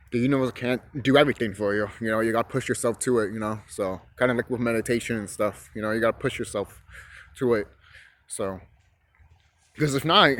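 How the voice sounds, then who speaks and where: A man's voice: lowish voice, fairly bright tone, a little hiss or hum. A young man talking casually, rambling and swearing, shivering a bit from the cold outdoors. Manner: rambling, profane and emphatic, with restarts. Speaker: vlogger. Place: outdoors on a chilly hillside.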